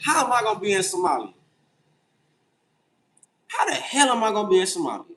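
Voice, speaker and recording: A young man hosting a casual late-night livestream, reading chat and answering with animated, incredulous, profane reactions. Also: high-pitched, brisk, slight background noise, rough recording. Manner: animated, incredulous, swears freely. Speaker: livestream host.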